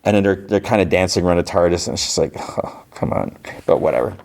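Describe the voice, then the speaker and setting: A man's voice: low-pitched, racing, a little mellow. A man hosting a podcast, casually retelling a TV episode and quoting its characters, with lots of fillers. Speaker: podcast host.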